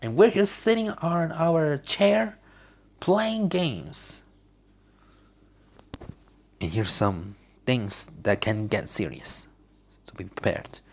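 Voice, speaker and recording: A man's voice: fairly high pitch, expressive, slow, gravelly, long pauses. A man casually commenting on a mobile game he is playing, rambling with slips. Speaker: gaming channel host.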